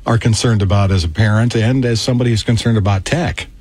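A man's voice: lowish voice, quick pace, darkish tone, slightly rough, dry recording. A male radio host interviewing a guest in a friendly, conversational way. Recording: dry studio with faint music.

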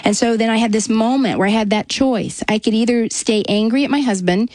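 A woman's voice: a little high, brisk, no echo, rough recording. A woman talks earnestly in a conversational interview, telling a personal story. She livens up when she voices the people she quotes. The sound is dry and close, with no room around it. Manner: earnest storytelling, animated when quoting others. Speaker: author and guest.

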